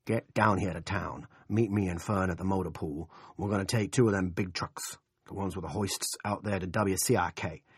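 A man's voice: low-pitched, steady tone, normal speed, few pauses, husky, no echo, clean studio sound. A man voicing a crude, menacing small-town bully who snarls out profane orders.

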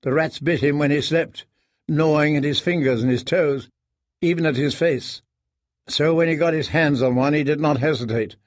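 Male audiobook narrator, measured and grave, dry close recording. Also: a little high, dry recording.

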